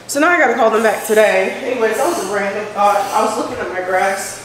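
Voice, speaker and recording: A woman in her twenties rambling through a casual home vlog, chatty and animated. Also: on the high side, fairly quick. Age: 20s. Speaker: vlogger, mom of three. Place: at home, indoors. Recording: echoey room with clear background noise.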